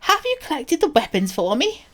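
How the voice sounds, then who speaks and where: Woman playing a high, formal fantasy enchanter. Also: wildly swooping pitch, normal speed, fairly bright tone, exaggerated voice. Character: formal fantasy enchanter who gives quests.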